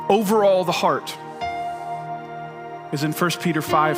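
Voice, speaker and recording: A man's voice: high voice, moderate pace, long pauses, over loud music. A man preaching a sermon as pastor, talking conversationally, repeating key phrases and acting out quoted lines.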